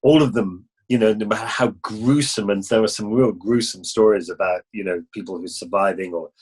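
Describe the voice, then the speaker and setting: Man, middle-aged, husky, lowish voice, rambling storyteller, acts out dialogue. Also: brisk, darkish tone, rough recording. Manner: rambling, many restarts and acted-out dialogue. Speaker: interview guest, motorcycle adventurer. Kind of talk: casual interview storytelling.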